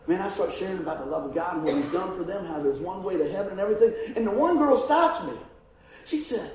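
A man telling a folksy, animated testimony story as a preacher, often laughing and acting out the voices in his story. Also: sits high, fast talker. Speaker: evangelist preacher. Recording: heavily echoing hall with faint ambient noise.

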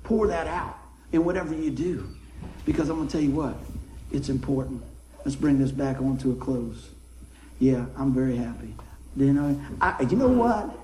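A middle-aged man preaching a folksy sermon, swinging from soft asides to excited shouts. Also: mid-range voice, normal speed, reverberant, slight background noise, poor audio. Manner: folksy, animated, rises to excited shouts then drops soft. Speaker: pastor. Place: church sanctuary.

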